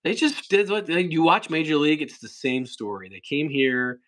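A man's voice: on the high side, very animated, a bit bright. A man hosting a casual livestream, chatting and reading viewer comments in a rambling, talkative way. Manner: rambling, chatty, quick asides. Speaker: livestream host.

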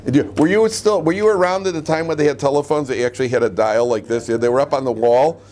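A man's voice: mid-range voice, quick pace, a little mellow. A middle-aged man, a rabbi, giving a humorous lecture to a class of students and tossing questions at them. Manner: joking, asks the class questions.

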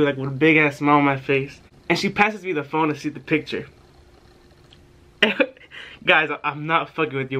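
A young man telling a story in a bright, forceful voice that sits a little high for a man. He talks casually and profanely to his viewers, swings his pitch around as he gets worked up, and acts out the people in his tale. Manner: animated, profane, acts out quotes. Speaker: vlogger.

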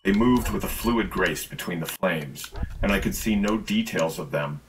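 Male narrator for a scripted horror read, low register, measured and tense. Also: slight background noise, poor audio.

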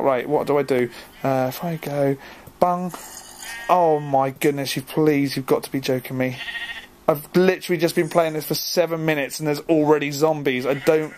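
A young man giving casual, excitable let's-play commentary, joking at his own expense and easily flustered as he plays. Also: fairly high pitch, a little hiss or hum. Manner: excitable, jokey, easily flustered, self-mocking. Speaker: gaming video host.

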